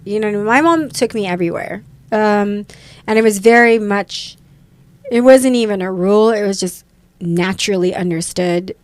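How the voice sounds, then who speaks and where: A woman's voice: medium pitch, normal speed. A woman in her thirties, a podcast guest, chatting casually and animatedly, acting out voices in her stories. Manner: animated, mimics voices in anecdotes. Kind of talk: casual chat.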